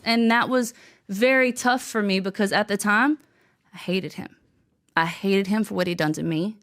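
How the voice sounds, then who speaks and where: A woman guest on a podcast interview, telling a personal story in an earnest, halting, emotional way with frequent restarts. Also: medium pitch. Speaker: guest author.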